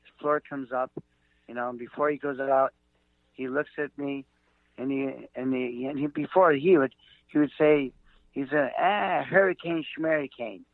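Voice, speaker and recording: A man's voice: medium pitch, fairly even intonation, no echo. Man telling stories over a tinny line. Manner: halting, many fillers and restarts, acts out quotes. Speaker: guest, comedian and author. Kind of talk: rambling anecdotal storytelling. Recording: tinny phone-like line, dry.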